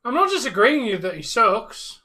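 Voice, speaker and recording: Dry quippy guy on a reaction stream, high bright voice. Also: sing-song, brisk. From outside the United States. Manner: short dry retorts. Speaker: co-host of wrestling reaction stream. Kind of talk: casual live-stream chat.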